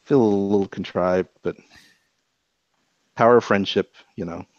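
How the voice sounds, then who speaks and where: A man's voice: lowish voice, a little slow, no echo. A man talks casually on a podcast, hesitating and restarting his thoughts often. His mic sounds dull and lo-fi, close and dry with no room around it. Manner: hesitant, many restarts and fillers.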